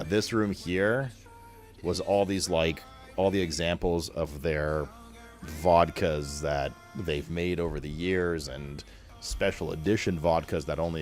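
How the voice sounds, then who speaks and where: Low-voiced rambling young man streamer. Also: darkish tone. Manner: rambling, filler-heavy, slangy. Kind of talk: casual chat to stream viewers.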